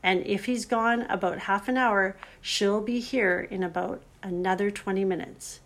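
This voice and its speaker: Sensible motherly beaver wife, brisk and emphatic, storybook voice, as a woman reads her. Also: mid-range voice, steady tone, close to an everyday voice. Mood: urgent. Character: motherly, practical female beaver.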